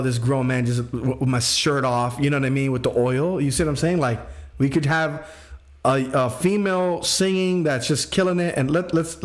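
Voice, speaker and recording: A man hosting a casual livestream as a music producer, joking and rambling in slangy talk full of fillers. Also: medium pitch. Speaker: music producer streaming feedback. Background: music playing.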